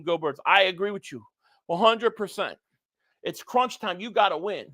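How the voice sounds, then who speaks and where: Stream host, male, sharp bright tone, dead dry mic, fan energy reading super chats. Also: very high-pitched, lively intonation, moderate pace, no room sound. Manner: reads viewer super chats, shouts at plays. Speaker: live stream host reacting to football. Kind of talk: live stream reaction and chat reading.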